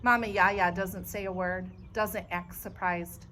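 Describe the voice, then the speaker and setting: A woman librarian reading a children's chapter book aloud in clear, expressive storytelling. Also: medium pitch, unhurried, a little hiss or hum.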